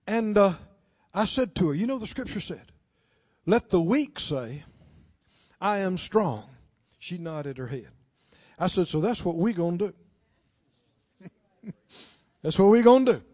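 A man preaching a sermon, telling a story and driving his points home with drawn-out, impassioned emphasis. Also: high-pitched, expressive, dark tone. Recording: dull, dry lo-fi recording.

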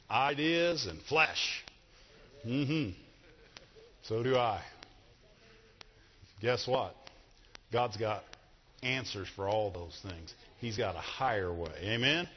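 A middle-aged man preaching a sermon to a congregation, animated and asking them questions. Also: medium pitch, takes it slowly, pauses often, husky. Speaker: pastor. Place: church hall. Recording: dull sound with long hall reverb.

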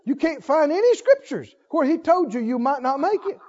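An older man preaching a sermon, emphatic, asking call-and-response questions and swinging between loud declarations and soft asides. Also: very high voice, very animated, normal speed, muffled recording.

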